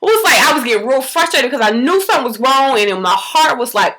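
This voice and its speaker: A mother in a casual vlog, telling an emotional story in slangy, animated speech and acting out quotes in a higher voice. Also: brisk, few pauses, heavy background noise. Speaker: mother vlogging about parenting.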